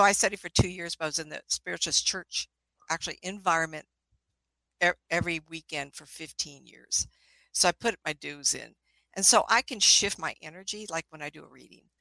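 An older woman with a lowish voice that still comes across bright and forceful. She tells long, meandering stories in a relaxed conversation, breaking off to laugh and start over. The sound is dry and close. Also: no echo, poor audio. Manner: rambling and anecdotal, with frequent laughs and restarts. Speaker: guest, spiritualist minister and ghost investigator. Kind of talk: casual storytelling chat.

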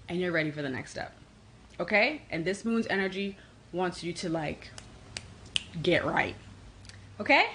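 Fast-talking New York woman reading tarot. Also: lowish voice, rough recording. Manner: fast-talking, energetic, reads comments aloud. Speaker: livestream host doing tarot readings. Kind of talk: casual livestream chat.

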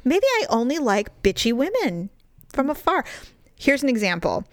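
A woman's voice: sits high, very animated, moderate pace, no echo, studio quality. Blunt, profane woman telling stories. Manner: profane, blunt storyteller acting out quotes. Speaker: podcast co-host. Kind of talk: casual chat.

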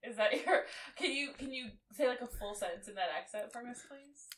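A woman's voice: a little high, fairly quick, a bit bright. A woman co-hosting a tabletop roleplay podcast, laughing and pressing with questions in casual chat. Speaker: podcast co-host and player. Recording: distant mic with crowd chatter behind.

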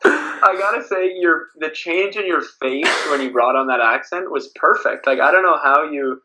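A beach volleyball player from Canada chats casually as a podcast guest in an interview, rambling with plenty of fillers and frequent laughs. His voice runs on the high side at a moderate pace, with background noise present.

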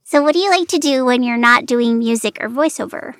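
A woman's voice: a little high, a little fast, a bit bright, dry recording, studio quality. A woman interviewing a fellow voice actor, asking casual, friendly and teasing questions.

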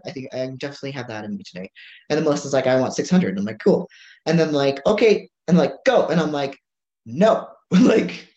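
A woman, a strongwoman competitor, chatting casually and telling animated stories, acting out what people said to her. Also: sits low. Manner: animated storyteller acting out dialogue. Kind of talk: casual chat. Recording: roomy, dull lo-fi sound.

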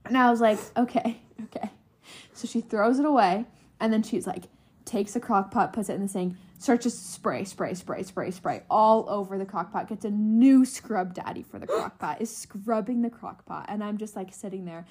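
A woman's voice: mid-range voice, moderate pace, darkish tone, breathy edge. A young woman co-hosting a podcast, telling a funny story in casual chat and laughing often. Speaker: podcast co-host.

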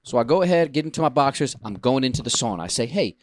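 A man co-hosting a podcast, telling a story in a dramatic, animated way with casual swearing, close to the mic. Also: medium pitch, very fast, no room sound. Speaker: podcast co-host.

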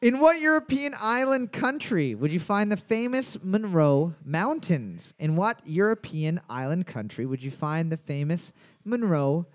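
A young man with a high, bouncy voice runs a trivia night in a bar, calling out questions and scores between crude jokes. His pitch leaps all over as he banters and swears casually. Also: measured pace. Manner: joking, animated, swears casually.

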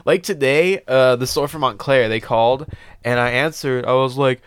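A young man co-hosting a casual podcast, excitable, swearing a lot and stammering when surprised. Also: mid-range voice, moderate pace, clean tone, no room sound, studio quality. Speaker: podcast co-host. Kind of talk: casual chat.

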